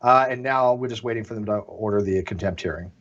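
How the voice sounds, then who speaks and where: A man's voice: fairly low pitch, quick pace, fairly bright tone. A man as a podcast guest, explaining his side in an emphatic, argumentative way during a casual discussion. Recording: dull lo-fi audio.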